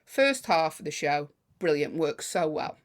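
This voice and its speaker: A woman comedian, telling a lively anecdote in casual podcast chat. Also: sits low, measured pace. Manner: lively anecdote-telling, acts out other people.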